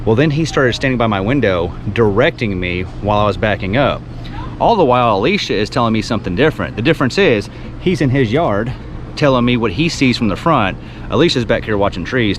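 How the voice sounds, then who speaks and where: A man from Texas talks casually into the camera at a campground. His delivery swings lively and expressive as he tells stories and hands out advice. Faint outdoor noise sits behind him. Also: medium pitch. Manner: animated, storytelling, advice-giving. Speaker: vlog host. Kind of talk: casual travel vlog talk.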